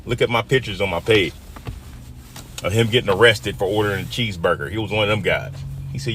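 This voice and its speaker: A man in his fifties from Detroit tells a personal story in an emotional, dramatic way, dropping to a hush and then rising loud. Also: fairly low pitch, brisk, a little hiss or hum. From Detroit, USA. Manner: emotional, dramatic retelling that swings from hushed to loud.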